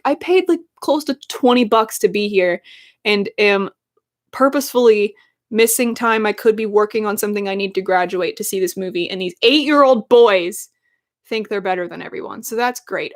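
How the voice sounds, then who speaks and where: A young woman in her twenties rants casually to her stream chat, sarcastic and full of likes and ums. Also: mid-range voice.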